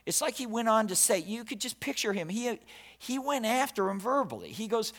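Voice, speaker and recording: A man's voice: high-pitched, animated, normal speed, a bit bright. A male pastor preaching a sermon, telling a story dramatically and emphatically, with frequent restarts and repetition.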